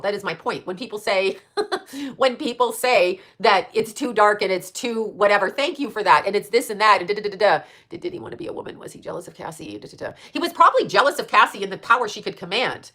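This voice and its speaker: Fast-talking woman ranting profanely. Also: mid-range voice, sharp tone. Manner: profane, rambling, fires rhetorical questions. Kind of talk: casual ranting monologue.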